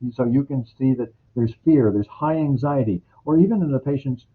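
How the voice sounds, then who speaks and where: A man delivers a healthcare training lecture, walking his students through a case and recalling patients from earlier jobs. His voice has a husky, slightly rough edge, and his pitch sits in an ordinary middle range. The sound is thin and phone-like, as if heard over a narrow, lo-fi line. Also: moderate pace. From United States. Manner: explanatory, uses clinical anecdotes. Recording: phone-like lo-fi recording.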